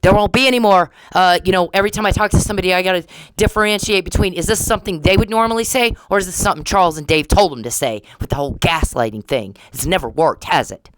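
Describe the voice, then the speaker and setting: A woman's voice: fairly low pitch, fast, a little hiss or hum, rough recording. Woman ranting in an accusing monologue. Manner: accusing, repetitive, confrontational. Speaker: podcaster. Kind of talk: angry monologue aimed at an absent person.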